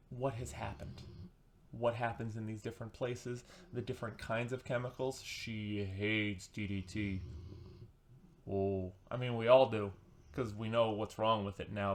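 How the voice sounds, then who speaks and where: A man's voice: fairly low pitch, a little hiss or hum. Sarcastic, rambling man reviewing a book. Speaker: book vlogger.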